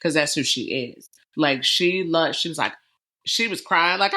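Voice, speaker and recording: A woman's voice: low-pitched, expressive, measured pace, pushed and bright. A middle-aged woman hosting an interview podcast, talking animatedly and calling her listeners "y'all". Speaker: podcast host. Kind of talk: conversational interview.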